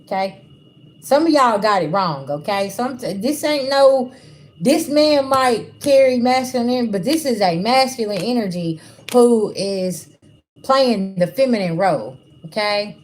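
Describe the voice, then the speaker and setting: A woman's voice: on the high side, measured pace, slight background noise. A woman doing a livestream spiritual reading, talking bluntly and casually to her viewers. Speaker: spiritual reader. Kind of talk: livestream tarot-style reading.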